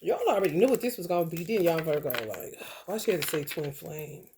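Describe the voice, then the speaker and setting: A woman's voice: low voice, lively intonation, brisk, vocal fry, noisy background. A woman giving a casual tarot reading who talks bluntly and profanely, repeats her phrases and laughs often. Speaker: tarot reader.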